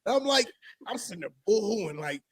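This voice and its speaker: Animated man telling a dream story. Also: sits high, fairly quick, husky, no room sound, clean studio sound. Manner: animated, acts out voices in his story, drops to a near whisper for emotional parts. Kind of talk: casual storytelling.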